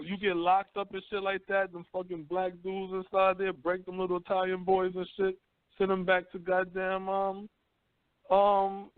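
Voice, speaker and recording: A man hosting a talk radio show, telling stories in rough, profane street slang. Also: high voice, no echo. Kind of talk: casual talk radio chat. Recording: dry phone-line call-in audio.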